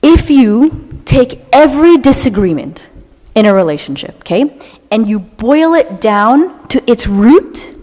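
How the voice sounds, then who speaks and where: Animated high-voiced woman, reverberant hall. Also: unhurried. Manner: animated, dramatic, ends phrases with "okay?". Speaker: speaker at a church talk. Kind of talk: lively talk to a live audience. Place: church hall with an audience.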